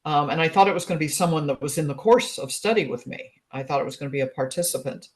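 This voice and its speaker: A woman's voice: deep voice, fast talker. Chatty older woman telling her story. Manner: chatty and animated, laughs often, many fillers. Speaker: guest, relationship expert. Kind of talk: casual storytelling in an interview.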